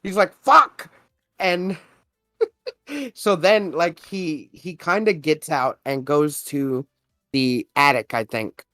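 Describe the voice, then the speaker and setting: A man's voice: a little high, takes it slowly, a bit bright, no echo, studio quality. A man co-hosting a podcast, casually retelling a movie plot, laughing often and acting out the characters' lines. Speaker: podcast co-host.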